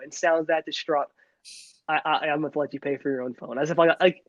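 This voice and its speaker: A man in his thirties co-hosting a casual podcast, telling animated stories with swearing and frequent laughs. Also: fairly high pitch, a little fast, no room sound, dull audio. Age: 30s. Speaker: podcast co-host. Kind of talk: casual chat.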